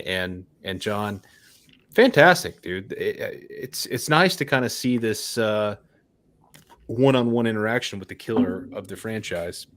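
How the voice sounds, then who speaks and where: A man with a fairly low voice co-hosts a movie watch-party stream. He talks loosely and casually, sprinkling "dude" and "man" through his lines and swearing without a second thought. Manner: laid-back, swears casually, says "dude" and "man" a lot. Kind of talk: casual chat over a movie.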